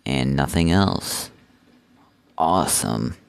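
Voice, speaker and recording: A man's voice: rumbling low, expressive, slow, creaky. A man giving goofy, jokey let's play commentary, talking to the viewer in silly voices. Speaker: gaming video host.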